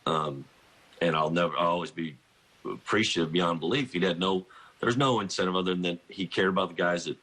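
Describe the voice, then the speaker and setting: Guest spot: middle-aged coach, deep husky voice, rambling storyteller who keeps restarting. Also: male voice, brisk, a bit bright. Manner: rambling, self-interrupting, laughs through anecdotes. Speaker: college basketball coach, guest. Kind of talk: phone-in radio interview, storytelling.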